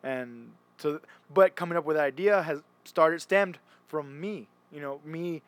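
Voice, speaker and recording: A man's voice: fairly high pitch, a little slow, dry recording. A young man chatting casually, rambling and restarting often as he retells stories. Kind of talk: casual chat.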